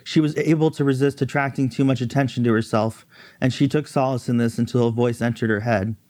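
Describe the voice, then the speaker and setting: A man's voice: fairly even intonation, brisk, darkish tone, no echo. A man reading his novel aloud, raising his voice for characters' lines. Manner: pitches voice up for the female characters' lines.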